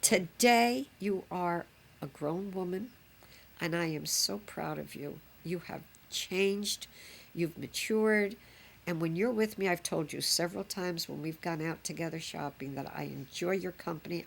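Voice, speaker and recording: A woman's voice: fairly low pitch, creaky, a little hiss or hum. An older woman, a grandmother reminiscing fondly in a chatty, rambling way. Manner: chatty, fond, rambling with fillers. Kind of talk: reminiscing home recording.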